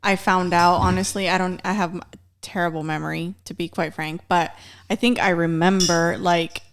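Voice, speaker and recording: A woman's voice: on the low side, moderate pace. Bilingual woman with a noisy background. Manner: switches between English and Spanish, expressive reactions. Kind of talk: casual chat. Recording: noisy recording.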